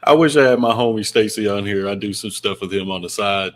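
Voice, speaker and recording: A man's voice: fairly low pitch, fairly quick. A man with a Kentucky accent hosting a podcast, laid-back and joking. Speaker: podcast host. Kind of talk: casual podcast chat.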